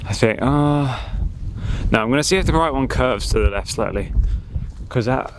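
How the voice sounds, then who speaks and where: A man's voice: medium pitch, expressive, moderate pace, background noise. A man vlogging outdoors in a forest, chatting and joking as he thinks aloud into a handheld camera. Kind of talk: casual vlog commentary.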